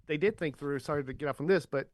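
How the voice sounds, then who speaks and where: A man's voice: on the high side, fast, no room sound. A man who is a guest on a podcast, chatting in the studio and asking curious follow-up questions. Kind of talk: casual podcast chat.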